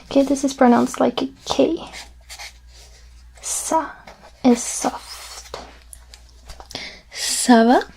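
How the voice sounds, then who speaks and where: A woman in a whispered role-play as a French teacher, soft-spoken and patient, repeating each word slowly. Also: high-pitched, fairly even intonation, gravelly, slight background noise.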